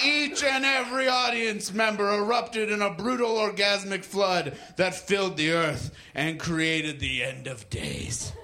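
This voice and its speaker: A man's voice: high voice, a little slow, few pauses, bright, forceful tone, slight background noise. A man reading comic fan fiction aloud to a comedy club crowd with mock drama.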